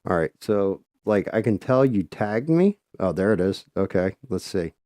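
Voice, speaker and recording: A man hosts a casual live stream, talking loosely and cursing freely as he paints. His voice sits on the low side with a mellow, relaxed tone. The sound is dry and close. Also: moderate pace, no room sound. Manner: loose, chatty, swears freely. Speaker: livestream host.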